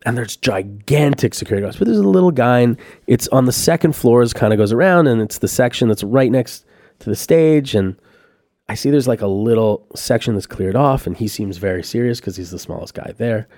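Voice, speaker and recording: A young adult man tells a story as a guest on a podcast, animated and laughing between sentences. His speech is loose and full of swearing, and his voice sits in an ordinary middle register. The studio mic picks him up dry and close, with no room sound around him. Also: medium pitch, a little fast, no room sound. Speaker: podcast guest, business founder. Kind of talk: casual storytelling podcast chat.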